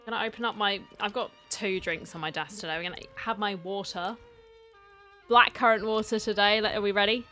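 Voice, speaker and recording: A woman's voice: medium pitch, steady tone, brisk, sharp tone, faint music behind. Chatty woman streamer greeting chat. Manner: chatty, greets viewers by name. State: tired from heat and poor sleep. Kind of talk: casual live-stream chat.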